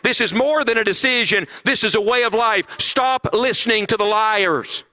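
A man's voice: sits high, normal speed, few pauses, pushed and bright. A middle-aged man preaching a sermon at a conference, emphatic and full of rhetorical questions.

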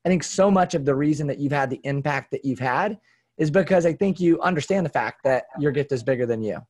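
A man's voice: a little high, brisk, a little mellow. A man hosting a podcast, effusive and affirming toward his guest. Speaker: podcast host. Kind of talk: podcast conversation.

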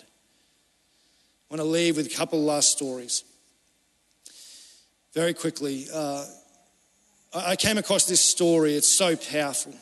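A man delivering a sermon, his voice pitched fairly high for a man. He moves between fervent, urgent appeals and quiet, intimate pleading. The sound rings out with the long echo of a large church hall. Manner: impassioned preaching, swinging from urgent cries to hushed pleading. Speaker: pastor.

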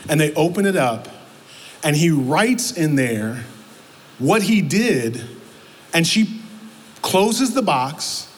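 High-voiced preacher in an echoing hall. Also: male voice, slight background noise. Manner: emphatic, repeats words, calls out to the congregation. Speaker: pastor. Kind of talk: sermon. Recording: long hall reverb, faint ambience.

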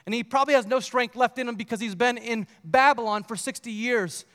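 A man preaching a sermon as pastor, his voice sitting high for a man. He reads scripture aloud with earnest emphasis. The sound carries a long hall reverb. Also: brisk, fairly bright tone.

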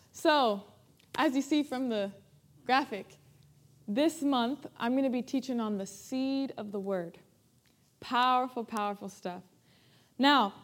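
A woman pastor leads her congregation in prayer and preaching. Her voice sits high and swells with fervor as she praises. She talks directly and familiarly to the people in front of her. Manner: fervent, rising and swelling in prayer. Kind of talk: sermon with opening prayer.

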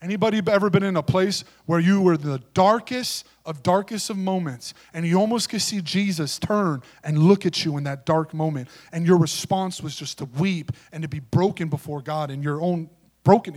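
A male preacher delivers a sermon with a voice that sits high for a man. He is emphatic, building to loud declarations and then falling to near-hushed lines. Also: moderate pace.

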